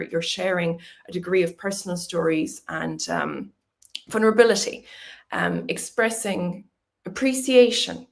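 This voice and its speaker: A woman's voice: mid-range voice, gravelly. A woman giving a conversational presentation talk, with fillers and light laughs. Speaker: speaker.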